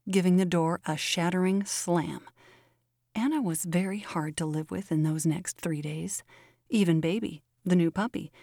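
A woman hosts and reads a classic short story with measured, deliberate phrasing. Her voice sits on the low side, and the recording is very dry and close. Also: mellow, dry recording. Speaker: host and reader. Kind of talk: scripted narration of a classic story.

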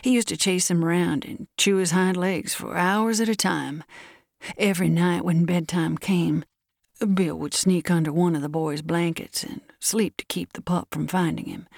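A sly young cowboy, read by a woman, speaks in a soft, mournful drawl that sinks almost to a whisper. The voice sits low and sounds dry and close, as in a storybook reading. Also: steady tone, moderate pace, gravelly, no room sound.

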